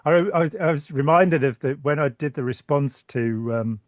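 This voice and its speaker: A British man hosts a relaxed conversation, wandering from point to point with wry jokes and false starts. His voice sounds a little worn by the end. The sound is dry and close. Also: medium pitch, normal speed, no room sound. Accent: British English. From Britain. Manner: rambling, joking, stumbles and repeats words. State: voice tiring. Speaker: channel host. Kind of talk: casual conversation.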